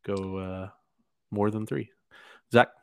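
Male podcast host, low steady voice, dry close sound, casual picks talk full of "um"s. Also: takes it slowly, gravelly, clean tone, no room sound. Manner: hesitant, lots of fillers and restarts. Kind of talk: casual sports podcast chat.

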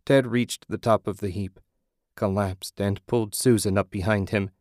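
A man giving steady, measured scripted narration of an audiobook. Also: lowish voice, dry recording, studio quality.

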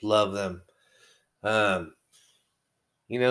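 A man's voice: on the low side, normal speed, long pauses, fairly bright tone. A man with a wargaming hobby, talking at home in a rambling, profane, conversational monologue.

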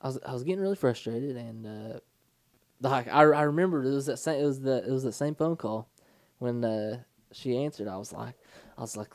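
A young man co-hosting a podcast, telling rambling stories in casual chat with halting restarts. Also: mid-range voice, no echo. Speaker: podcast co-host.

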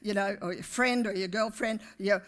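A woman pastor, preaching a sermon to her congregation with animated, rising emphasis. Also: mid-range voice, moderate pace. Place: church.

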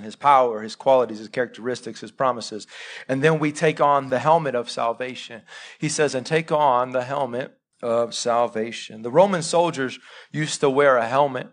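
A man in his thirties preaching a live sermon, swinging between loud urgent bursts and quiet, intimate asides and asking the congregation direct questions. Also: medium pitch, moderate pace. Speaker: pastor.

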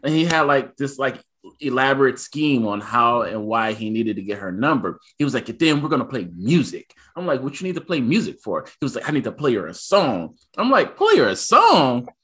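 A man in his thirties tells a story in relaxed podcast chat. He acts out the other people in it with lively shifts of voice. His pitch sits in the middle range. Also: fairly quick, breathy edge. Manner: animated, acts out his son's lines. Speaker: podcast co-host.

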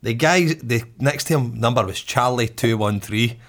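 Speaking at normal speed with a medium-pitched voice, a man shares a profanity-laden anecdote in casual conversation. He does the voices of the people in it with lots of animation and frequent laughter.

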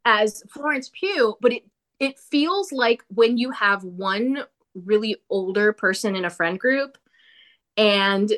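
A woman talking casually about a movie she watched, animated and opinionated, with quick asides. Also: medium pitch. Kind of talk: casual movie review chat.

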